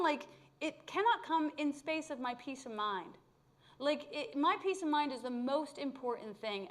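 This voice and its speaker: A middle-aged woman speaker telling a personal story to a spiritual congregation, candid and animated, with blunt humor. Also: high-pitched. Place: live talk at a spiritual community gathering.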